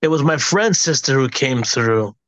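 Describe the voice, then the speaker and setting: Soft-spoken man on dull, dry audio. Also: mid-range voice, expressive, normal speed, no room sound. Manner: brief, agreeable answers. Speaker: sitter receiving a reading.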